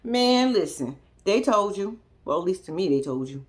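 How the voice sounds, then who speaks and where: A woman's voice: lowish voice, big pitch swings, moderate pace. A woman giving a casual, blunt recap of a reality show, talking straight to viewers with slang and cussing. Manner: chatty, addresses viewers directly.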